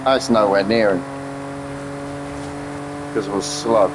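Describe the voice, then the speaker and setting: A man's voice: lowish voice, steady tone, takes it slowly, noisy background. A man, chatting casually on a live game stream, swearing and easily irritated. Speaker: gaming streamer.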